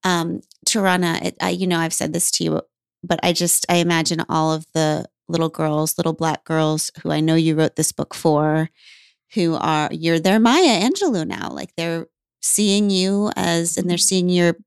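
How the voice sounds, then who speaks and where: A woman's voice: on the low side, fairly even intonation, normal speed, creaky, clean tone, no echo, clean studio sound. A woman co-hosting a podcast, earnest and effusive as she praises her guest. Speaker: podcast co-host. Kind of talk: casual conversation.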